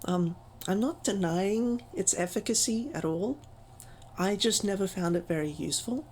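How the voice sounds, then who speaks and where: A woman talks through a voice-training lesson in a loose, chatty way, pausing on plenty of ums and poking fun at her own progress. Her voice sits at an ordinary middle pitch, with a faint hiss underneath. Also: a little mellow, low-quality recording. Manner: chatty, self-deprecating, filler-heavy. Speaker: voice training tutor. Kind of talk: casual tutorial.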